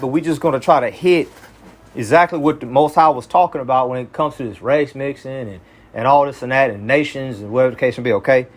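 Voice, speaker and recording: A man from Kentucky leading a small group Bible study in a casual, slangy way, often checking that listeners follow him. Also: medium pitch. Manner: slangy, conversational, often asks "you see what I'm saying".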